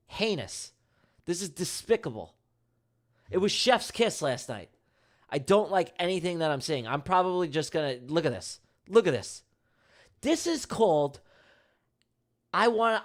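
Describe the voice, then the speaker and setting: A man streaming his live day trading, talking casually and emphatically to his chat with slangy, repetitive banter and jokes. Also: fairly high pitch. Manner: slangy, emphatic, repeats himself; jokey banter with viewers.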